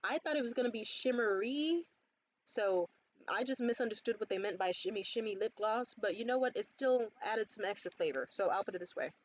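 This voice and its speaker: A young woman in casual vlog chat about a beauty haul, animated and swearing freely, jumping up high when quoting others. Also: brisk, muffled recording. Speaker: beauty vlogger. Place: bedroom.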